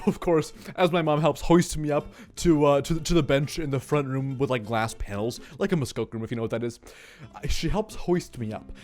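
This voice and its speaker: A young man telling a comic story from his childhood, animated and sweary, with lots of exaggeration. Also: mid-range voice.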